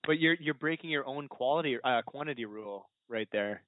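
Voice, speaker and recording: A mid-pitched man debates in casual chat, laughing often and stumbling into his points. The audio is dry and thin, like a phone call. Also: a little fast, no room sound. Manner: laughs often, hesitant restarts. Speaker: podcast guest debater. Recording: tinny phone-like line.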